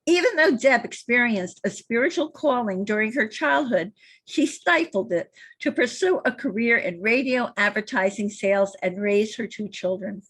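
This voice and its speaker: Husky-voiced woman podcast host. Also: a little high, lively intonation, fairly bright tone. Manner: measured, formal introductions. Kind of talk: interview hosting. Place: home studio.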